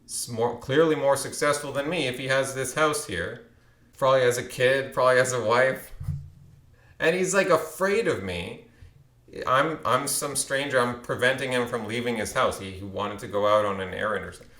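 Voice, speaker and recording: A man's voice: medium pitch, normal speed, fairly bright tone, echoey room. A man in his thirties telling a long story to camera in a rambling way, restarting and repeating words. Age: 30s. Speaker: channel host. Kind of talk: casual storytelling monologue.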